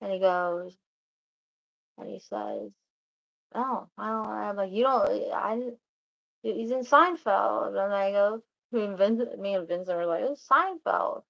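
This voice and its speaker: The audio is dull, and the vlogger speaks in a mid-range voice with vocal fry. Chatting casually, she tells a rambling story, often restarting and slipping in quick quotes of other people's words.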